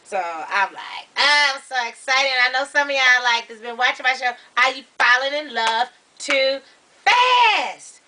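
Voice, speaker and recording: Bright, bubbly woman guest vlogger. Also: a little high, moderate pace, hardly any pauses, recorded from a distance, a little hiss or hum. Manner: bubbly, chatty, loud bursts of laughter. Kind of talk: casual chat.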